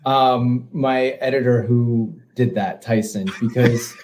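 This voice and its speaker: A man guesting on a podcast, telling stories in an animated way, laughing mid-sentence and acting out quotes. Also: mid-range voice, slow pace. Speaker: podcast guest, independent filmmaker. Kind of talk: casual podcast chat.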